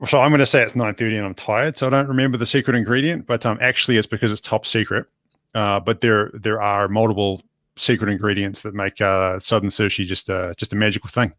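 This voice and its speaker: A man with a New Zealand accent, a guest on a video call, chatting casually and trading deadpan jokes. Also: lowish voice, fast talker, no echo, clean studio sound. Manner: joking, deadpan banter. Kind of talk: casual chat.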